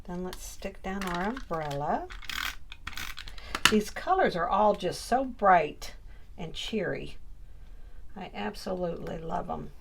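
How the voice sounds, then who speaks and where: A middle-aged woman from Maine talks through her crafting at an unhurried pace, half to herself and half to her viewers. Her chat is casual and homey, with a faint hiss of room noise behind her. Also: on the low side, animated, creaky. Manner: chatty, muttering to herself while working. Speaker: crafting YouTuber.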